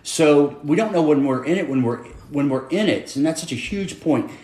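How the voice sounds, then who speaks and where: A man's voice: on the high side, animated, normal speed, darkish tone. Guy hosting a live chat, reads comments, says um a lot, echoey sound. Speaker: host. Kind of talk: casual livestream chat.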